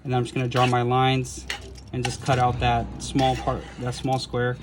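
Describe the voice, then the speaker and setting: A man's voice: mid-range voice, monotone, normal speed, noisy background. A man in a garage workshop, casually thinking aloud as he measures and cuts a car part. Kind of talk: casual how-to narration.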